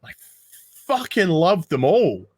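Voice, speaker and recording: Podcast guest: sharp, high-voiced man, sweary and ranting, dry close mic. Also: big pitch swings, slow pace, dry recording. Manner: profane, ranting. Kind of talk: casual podcast chat.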